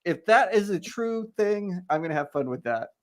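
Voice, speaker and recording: A man with a subtle Texan accent chatting casually on a live watch-party stream, rambling and quick to laugh. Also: high-pitched, expressive. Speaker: livestream co-host.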